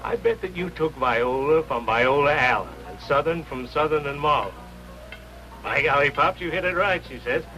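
Folksy old doorman, fairly high, bright voice, faint music under it. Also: moderate pace, poor audio. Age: older. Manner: slangy, folksy talk. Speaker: doorman at a rehearsal hall. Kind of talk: 1950s TV drama acting. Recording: 1950s TV soundtrack with faint music.

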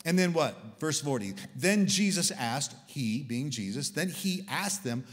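A man delivers a sermon in a high, lively voice that swoops all over his range. He talks to the congregation like friends, joking and throwing in sarcastic asides. A long reverb from the big church hall trails behind every line. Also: a little slow. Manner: animated, conversational and humorous, with sarcastic asides. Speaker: guest preacher.

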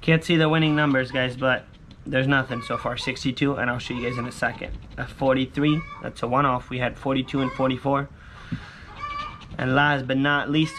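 A man who vlogs about scratching lottery tickets, talking casually to his viewers and yelling catchphrases. His voice sounds hoarse from shouting, and he sounds close to a camera set on a table indoors. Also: mid-range voice, slight background noise.

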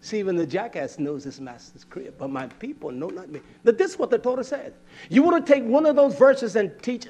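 Male preacher, high voice, combative sermon delivery, loud-to-low swings. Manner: confrontational, rhetorical questions, swings from loud to low. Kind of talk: fiery scripture sermon.

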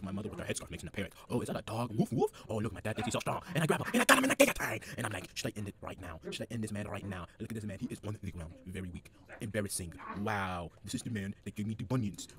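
Brief: young man, fast goofy fake-sports commentary, swooping pitch, crowd noise behind. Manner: mock-boastful, breaking into high excited shouts. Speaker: comedic commentator of his own grappling video. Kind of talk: mock sports play-by-play voice-over.

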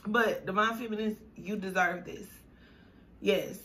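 A woman's voice: medium pitch, fairly even intonation, unhurried, a bit bright, a little hiss or hum. A woman giving a spiritual tarot reading to her viewers, emotional and affirming, repeating herself as she gets choked up. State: choked up, near tears. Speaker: tarot reader.

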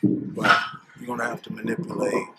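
A man's voice: normal speed, very noisy. A man talking casually to camera in a fitness vlog, chatty and full of restarts. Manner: chatty, restarts and self-corrections. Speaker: fitness vlogger. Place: car and busy gym.

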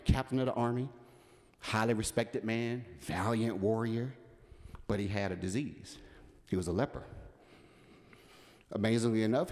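A man's voice: medium pitch, darkish tone. A man minister preaching a sermon, with call-and-response and building emphasis. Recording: reverberant church hall.

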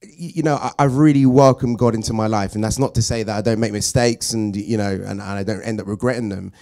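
A man who founded a drama school, answering thoughtfully at a Q&A in an earnest, halting way. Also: on the low side, fairly even intonation, a little mellow. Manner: earnest, halting, many fillers. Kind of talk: reflective answer at a Q&A.

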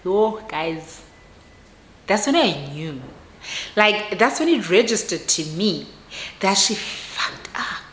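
Bright-voiced South African woman telling a story. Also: medium pitch, takes it slowly, long pauses, reverberant. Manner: expressive, switches between English and Xhosa, laughs at herself. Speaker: vlogger telling a personal story. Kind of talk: casual storytime.

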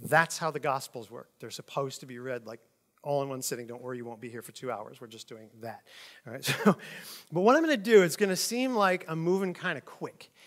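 A man teaching from the Bible in a relaxed, conversational way. He reads passages aloud and then explains them informally. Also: mid-range voice, fairly quick. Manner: conversational, with frequent "like" and "kinda". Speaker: preacher.

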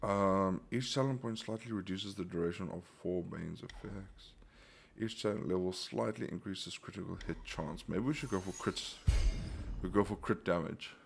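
A man's voice: deep voice, normal speed, vocal fry, a little hiss or hum. A man hosting a gaming channel, giving casual let's play commentary, thinking aloud and bursting into frustrated outbursts.

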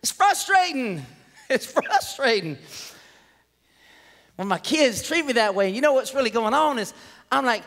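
A man preaching a lively, comedic sermon, hollering and laughing as he goes. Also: very high voice, unhurried, long pauses. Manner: hollering, animated, laughing often. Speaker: pastor. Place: church sanctuary. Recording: long hall reverb.

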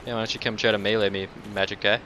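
A man doing casual let's-play commentary, cursing and taunting enemies, dropping to mutters and then breaking into loud outbursts. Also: on the low side, level tone, very fast, a little hiss or hum. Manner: profane, talks back to enemies, swings between mutters and outbursts. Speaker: gameplay commentator.

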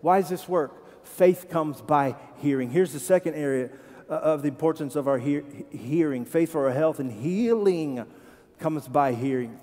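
A pastor preaching a sermon, animated and quizzing his congregation with questions. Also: on the high side, moderate pace. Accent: Ohio. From Tennessee. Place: church sanctuary. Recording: church hall with long reverb.

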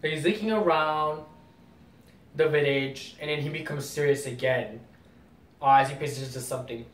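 A man hosting a casual comic reaction video, rambling and explaining as he goes. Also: moderate pace. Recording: roomy distant mic, faint rumble.

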